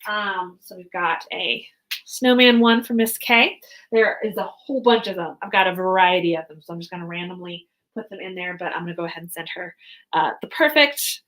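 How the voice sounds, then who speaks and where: Packing boxes during a live stream, this young author talks in a rambling, chatty way full of fillers. Her voice is lowish, fairly quick and fairly bright, though getting hoarse, and the audio is poor.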